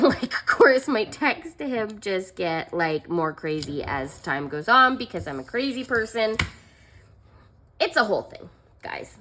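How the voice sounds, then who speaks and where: A young woman chats through a story about her own mishaps while she works on her planner. Her voice is bright and forward. She mocks herself, laughs often and leans on "like" and "um", with a faint hiss of noise underneath. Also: on the high side. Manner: chatty, self-mocking, laughs often, fillers like "like" and "um". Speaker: planner vlogger.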